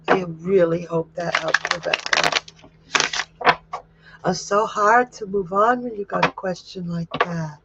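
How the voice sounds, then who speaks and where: A woman working as a psychic medium who gives tarot readings on a livestream and reads viewer comments aloud in a gentle, comforting way. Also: lowish voice, unhurried, creaky, highs cut off, very noisy.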